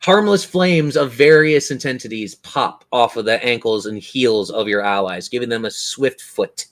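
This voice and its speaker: A man runs a tabletop game as its game master. His voice sits at a middle pitch, and he narrates with patient, descriptive turns. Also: normal speed, fairly bright tone.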